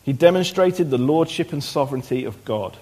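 A man preaching a sermon in a church, reading scripture aloud and speaking conversationally in between, growing louder and higher when he quotes the prophet. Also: expressive, a little fast, slightly rough. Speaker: pastor. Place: church hall.

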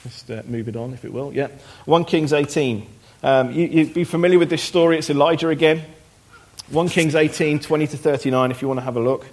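Pastor preaching with lively emphasis. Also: male voice, a little high, fairly quick. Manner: conversational preaching, rising louder when quoting the prophet. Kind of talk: sermon with scripture reading. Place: church hall.

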